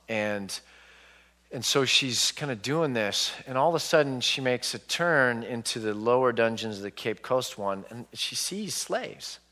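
A man in his forties speaking as an author to a live audience, telling stories in an animated way and acting out people's reactions. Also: lowish voice, in a large hall. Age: 40s.

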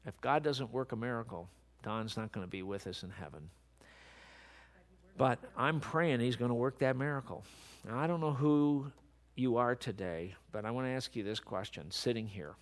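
A man preaching a sermon, dropping to soft, low speech and then building to loud, emphatic peaks. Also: moderate pace.

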